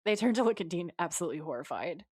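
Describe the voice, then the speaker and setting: A woman's voice: lowish voice, racing, slightly rough, no room sound, clean studio sound. A woman co-hosting a podcast, retelling TV scenes in casual chat and quoting the characters' lines. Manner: animated retelling, quotes characters. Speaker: podcast co-host.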